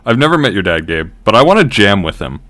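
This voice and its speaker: A man's voice: lowish voice, sing-song, fast talker, sharp tone. A man playing in a tabletop game, chatting casually, earnest and goofy, laughing easily. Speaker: player.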